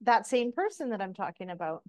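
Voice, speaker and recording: A woman co-hosting a podcast, telling stories about her relationships in a candid, animated way, swearing freely and laughing as she talks. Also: mid-range voice, fairly quick. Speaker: podcast co-host. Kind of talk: casual chat.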